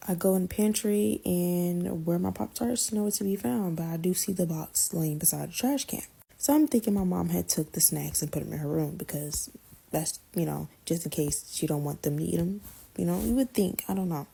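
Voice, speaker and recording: A young woman casually continuing a family story in a relaxed, slangy way. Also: lowish voice, vocal fry, slightly rough. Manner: relaxed, slangy, drawn-out retelling.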